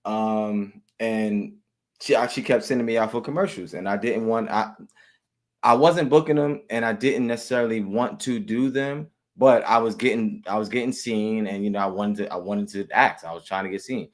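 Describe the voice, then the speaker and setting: A man, an actor, talking casually in an interview, with relaxed, halting speech full of restarts and easy laughter. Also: lowish voice. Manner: relaxed, many restarts and repeated words, laughs often. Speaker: actor and guest.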